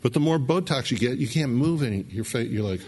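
A man's voice: medium pitch, expressive, quick pace, a little mellow, husky. A middle-aged man preaching a sermon, emphatic, repeating key words and restarting phrases. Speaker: pastor.

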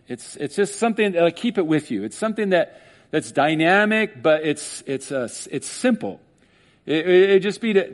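Animated male preacher, higher voice. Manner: animated, acts out skeptics in mock voices, laughs often. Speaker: pastor. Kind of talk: sermon.

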